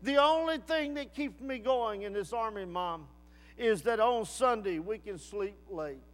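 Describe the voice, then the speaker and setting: A weary young army draftee , as a male preacher puts him on, complaining plaintively in a letter home. The voice is very high for a man. It echoes with a long reverb through a large hall. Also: measured pace, a bit bright.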